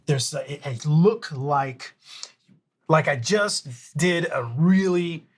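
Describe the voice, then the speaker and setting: A man's voice: fairly high pitch, slow pace, husky. A man playing a tabletop role-playing game, casually thinking aloud as he describes what his character does. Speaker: player.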